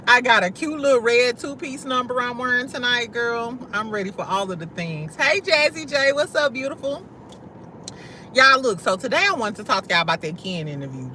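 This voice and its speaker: A young woman from St. Louis, USA, hosts a casual livestream and talks directly to her chat in a loud, bright, forceful voice pitched slightly high. Her speech is slangy and profane, she laughs a lot, and traffic hums faintly behind her.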